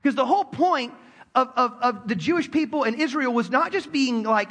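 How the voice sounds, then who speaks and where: A man preaching a sermon in a church hall, animated and calling on the congregation to respond. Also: very high-pitched, normal speed. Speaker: pastor. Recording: long hall reverb.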